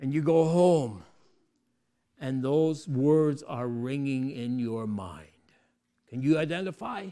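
A man preaching a sermon, moving between quiet asides and loud, emphatic peaks, often asking the congregation rhetorical questions. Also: medium pitch, lively intonation, takes it slowly, pauses often.

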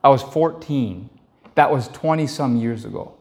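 A man's voice: mid-range voice, moderate pace. A man in his thirties preaching to young men in church, telling a personal story and emphatically repeating key phrases.

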